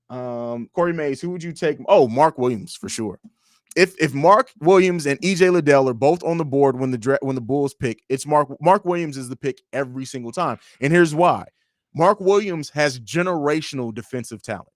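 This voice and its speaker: A young man hosting a casual livestream, reading viewer comments aloud and answering them in a blunt, profane, animated way. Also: mid-range voice, no room sound, clean studio sound. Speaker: livestream host.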